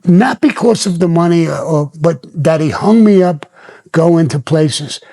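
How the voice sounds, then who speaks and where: This older podcast host tells stories from his own life with bluntness and lots of swearing. A little high and mellow, his voice has lively intonation and a somewhat slow delivery.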